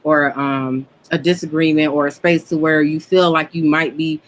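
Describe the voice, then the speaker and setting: A woman's voice: sits low, little pitch movement, normal speed, slight background noise. A woman co-hosting a casual faith chat, laughing often as she builds long, elaborate metaphors.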